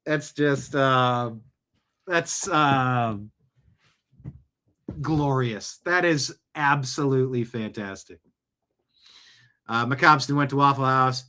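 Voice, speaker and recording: A man's voice: medium pitch, animated, slow, pauses often, sharp tone. A middle-aged man hosting a casual news commentary show, reading posts aloud with chuckles and asides. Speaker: host.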